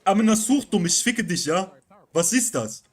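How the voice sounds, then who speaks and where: A man voicing an angry young male gamer with a Turkish-German accent who swears loudly. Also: high voice, expressive, normal speed, breathy edge, voice pushed up. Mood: cursing rant. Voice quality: loud, shouty swearing.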